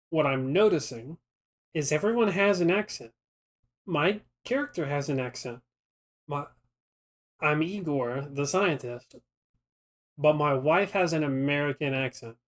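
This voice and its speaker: Chatty man streaming a game. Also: fairly high pitch. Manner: chatty, rambling, thinks out loud. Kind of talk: casual live-stream commentary.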